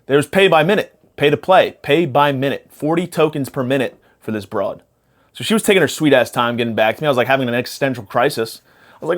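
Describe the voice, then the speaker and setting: A young man hosting a podcast, rambling through a profane comedic monologue while spacey after a panic attack. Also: mid-range voice. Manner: profane, rambling, jumps between topics. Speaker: podcast host.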